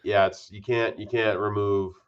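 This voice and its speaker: A man from Utah, a podcast guest, talking in a relaxed, easygoing way. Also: fairly low pitch, moderate pace, clean tone, highs cut off. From Utah, USA. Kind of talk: casual interview chat.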